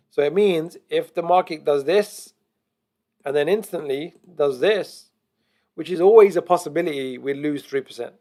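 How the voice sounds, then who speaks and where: Gravelly-voiced man explaining charts. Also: a little high, a little mellow. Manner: deliberately slow, methodical explaining. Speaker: trading educator. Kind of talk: screen-share chart analysis.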